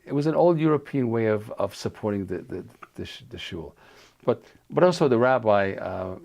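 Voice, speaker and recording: A man's voice: lowish voice, lively intonation, normal speed, creaky, a little mellow. An older man from New York reminiscing in an oral history interview, talking loosely with restarts and fillers.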